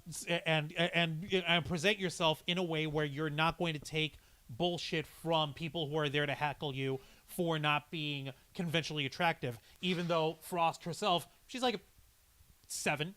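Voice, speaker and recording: A man's voice: on the high side, fairly even intonation, moderate pace, pushed and bright. A man co-hosting a live geek-news chat, rambling and emphatic, swearing freely. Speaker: podcast co-host. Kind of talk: casual live-stream chat.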